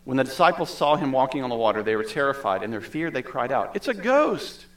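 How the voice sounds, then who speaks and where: A man's voice: mid-range voice, fast. A male pastor preaching a sermon in a conversational way, with asides and the odd laugh.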